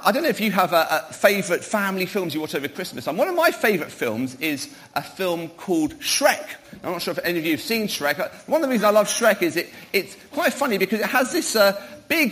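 A man's voice: high-pitched, fairly bright tone. A middle-aged man, a pastor, giving a playful children's talk in church, quizzing the children and calling them up to help. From Wales.

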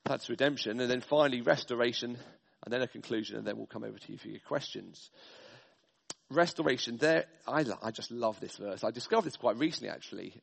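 A man's voice: medium pitch, fast, creaky, in a large hall. A man preaching a sermon, working through slides with emphatic, list-like stresses. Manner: emphatic, speaks in stressed lists.

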